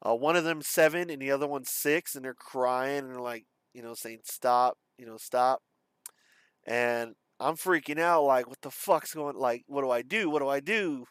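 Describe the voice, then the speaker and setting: A young man talking in a personal confessional monologue, halting and profane, full of fillers and restarts. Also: mid-range voice, clear, resonant tone, no room sound. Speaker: vlogger.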